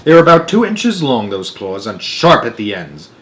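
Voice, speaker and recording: A young man reads a children's book aloud in a middle-pitched voice. He is expressive and lively about it and stumbles now and then, catching himself with quick restarts. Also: a little hiss or hum. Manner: expressive, with small slips and restarts. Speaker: storyteller.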